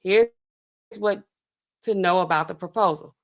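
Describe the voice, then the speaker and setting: A woman's voice: lowish voice, a little slow. Chatty woman livestreaming news commentary. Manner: chatty, addresses the chat directly. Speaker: livestream host. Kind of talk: casual livestream commentary, reading news aloud.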